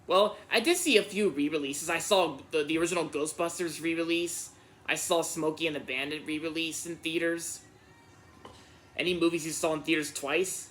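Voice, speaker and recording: Male channel host, bright and slightly high voice, halting delivery full of restarts, casual viewer Q&A. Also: steady tone, faint music behind. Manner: halting, repeats and restarts words often. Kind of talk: casual answering of viewer questions.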